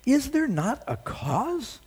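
A man's voice: extremely high pitch, lively intonation, normal speed, a little mellow, voice pushed up. A man voicing a young shepherd boy, indignant and eager, asking pleading, outraged questions.

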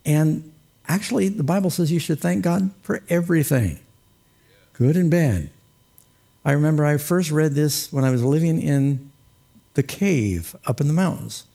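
A man's voice: a little high, lively intonation, normal speed, gravelly, mellow. A man preaching a sermon as pastor, folksy and humorous, with light laughs and quoted asides.

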